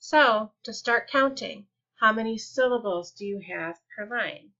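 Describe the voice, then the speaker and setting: A woman teaching a lesson in a patient, deliberate way, slowing down to stretch out example words. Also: a little high, pushed and bright. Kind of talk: explanatory lesson. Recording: dull lo-fi recording.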